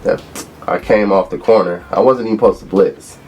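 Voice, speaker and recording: A man in his thirties from Los Angeles, a former college football player, relaxed as he tells stories in an interview. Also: on the low side, fairly quick, muffled recording, slight background noise. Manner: relaxed storyteller who acts out quotes. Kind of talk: interview reminiscing.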